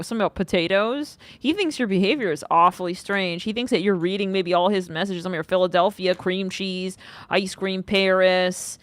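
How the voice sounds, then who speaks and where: A woman's voice: medium pitch, no echo. A woman doing a casual tarot reading, rambling and sassy, with swearing along the way. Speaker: tarot reader.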